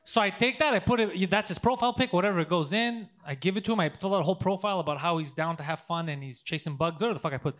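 A man's voice: high-pitched, very fast, few pauses, fairly bright tone. A man in casual podcast chat, telling crude prank stories with lots of laughter.

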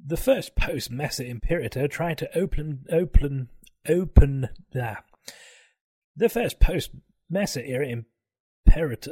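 A man's voice: a little high, expressive, unhurried, darkish tone, slightly rough, no echo. A man hosting a podcast in casual banter, joking and laughing at his own slip-ups. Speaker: podcast host.

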